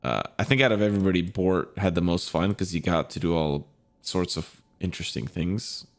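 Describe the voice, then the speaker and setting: Low-voiced man, easygoing game master. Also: a little fast. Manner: relaxed, laughing, swears freely. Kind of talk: casual post-game chat.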